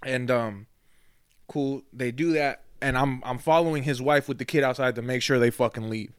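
A young man co-hosting a podcast, telling stories in relaxed casual chat, swearing often and repeating himself. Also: mid-range voice, moderate pace, clean tone, dry recording. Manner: laid-back storytelling, swearing, repeats "you feel me". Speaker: podcast co-host.

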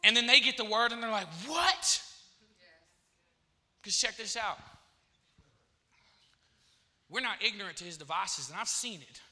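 A man's voice: high voice, quick pace, sharp tone. A man preaching a sermon in church, repeating phrases and calling out to the congregation.

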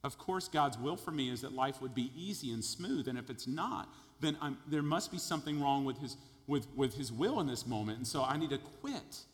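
A man's voice: mid-range voice, expressive, normal speed, few pauses. Emphatic male preacher in an echoing hall. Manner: emphatic, builds in volume, repeats words. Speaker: pastor. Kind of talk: sermon.

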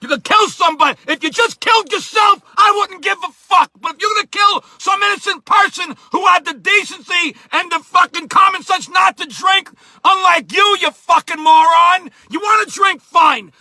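A man doing a shouting foul-mouthed New York grump. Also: very high voice, moderate pace, dry recording, full character voice. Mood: angry rant. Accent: New York area. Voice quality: shouting, cursing rant.

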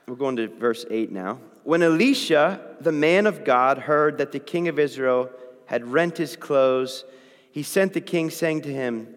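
A man's voice: fairly high pitch, measured pace. A man preaching a sermon and reading from the Bible, talking conversationally and checking in with his listeners. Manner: conversational, keeps checking in with "okay?". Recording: long hall reverb.

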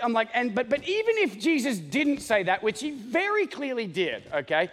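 A man preaching a sermon as pastor, joking and animated, often checking in with the congregation with "okay?". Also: very high voice, moderate pace, few pauses, in a large hall. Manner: joking, animated, talks straight to the congregation with many "okay?" asides.

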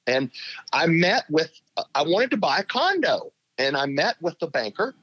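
This middle-aged man, once a professional angler, is an interview guest who chuckles through lively, conversational anecdotes. He speaks at a normal speed with a high-leaning, slightly breathy voice, and the recording sounds dull and lo-fi.

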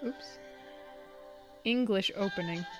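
A woman's voice: mid-range voice, slow, over music. A woman co-hosting a podcast in casual chat, teasing her partner and laughing a lot. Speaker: podcast co-host.

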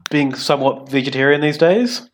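A man's voice: fairly high pitch, moderate pace. A man chatting on a podcast with a dry, teasing humour. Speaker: podcast co-host. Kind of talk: casual chat.

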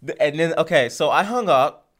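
A man's voice: on the high side, animated, normal speed. A man hosting a podcast, telling a story in casual chat and acting out phone calls, laughing often. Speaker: podcast host.

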